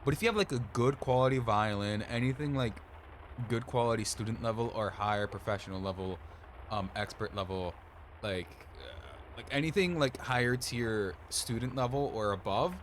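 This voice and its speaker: A man's voice: medium pitch, a little fast, a little hiss or hum. A man casually commenting on a game he streams, rambling and swearing.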